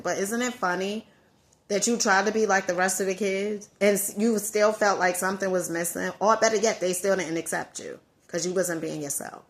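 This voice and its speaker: A woman's voice: mid-range voice, fairly even intonation, normal speed. A woman with a Southern accent giving an emphatic motivational talk to her viewers, repeating key phrases for effect. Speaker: motivational vlogger.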